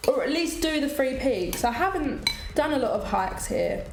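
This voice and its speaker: A young British woman from the UK chatting casually on a cooking live stream, animated and laughing often as she eats and answers viewers. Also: high voice, moderate pace, noisy background. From United Kingdom. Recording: echoey room with faint music behind.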